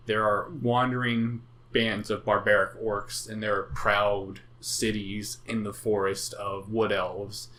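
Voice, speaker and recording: Rambling, swearing podcast co-host. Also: male voice, lowish voice, flat delivery, slow pace, few pauses, bright, forceful tone. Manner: rambling, profane, lots of fillers and restarts. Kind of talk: casual chat about tabletop games.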